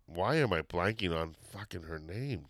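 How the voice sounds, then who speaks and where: A man hosting a podcast in casual chat, rambling and excitable, often losing his train of thought. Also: low-pitched, moderate pace, no echo. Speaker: podcast host.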